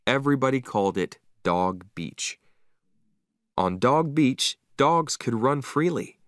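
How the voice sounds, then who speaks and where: A man narrating a simplified story for English learners, slow, carefully enunciated and expressive. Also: mid-range voice, no echo, clean studio sound.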